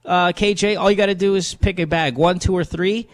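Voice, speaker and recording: A man hosting a late-night call-in show, chatting loosely and crudely with plenty of fillers. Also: a little fast. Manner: loose and crude, many fillers, lively swings in pitch. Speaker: podcast host. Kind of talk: casual radio call-in banter.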